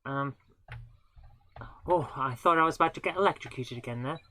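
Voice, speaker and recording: With an extremely low, fairly bright voice and a moderate pace, a woman streams a game live. She keeps up casual, chatty commentary, mocking herself and laughing often at her own slip-ups as she plays.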